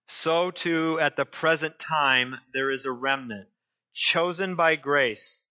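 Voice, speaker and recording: A male pastor preaching a sermon, deliberate and often repeating and restarting his phrases. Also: a little high, bright, forceful tone, muffled recording.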